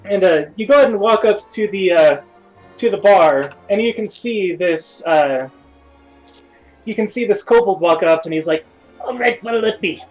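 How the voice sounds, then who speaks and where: A man's voice: high-pitched, lively intonation, moderate pace, darkish tone, soft background music, rough recording. A man narrating a tabletop game as game master, rambling with lots of hesitations. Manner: rambling, full of uhs and restarts.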